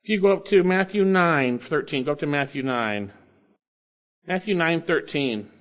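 A man preaching an expository sermon, emphatic, coaxing listeners along with rhetorical questions and swinging between loud stresses and low asides. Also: expressive, normal speed. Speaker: preacher teaching Bible grammar.

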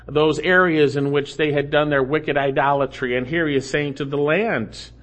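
A man with a fairly high voice preaches an expository sermon. He works through the text line by line, pauses to explain Hebrew grammar, and drives his points home by repeating short phrases with growing force. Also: steady tone, a bit bright. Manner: emphatic, repeats key phrases with rising force. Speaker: pastor.

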